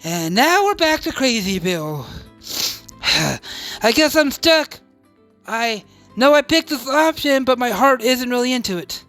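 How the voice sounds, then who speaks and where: A woman's voice: a little high, expressive, a little slow, a bit bright, faint music behind. A woman playing a game and making wry asides between voiced lines. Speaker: game player. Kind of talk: playthrough commentary.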